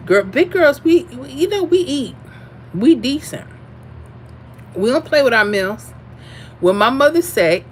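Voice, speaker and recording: A woman's voice: medium pitch, measured pace, long pauses, slight background noise. A woman hosting a casual livestream, chatting sassily and telling stories while reading viewer comments. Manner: sassy, animated storyteller. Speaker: livestream host.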